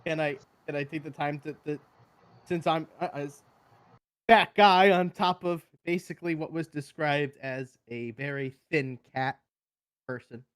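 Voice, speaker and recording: Man tabletop player, halting, restarting, slightly high voice, dry close sound. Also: fairly bright tone, clear, resonant tone, dry recording. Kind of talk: describing his character's actions.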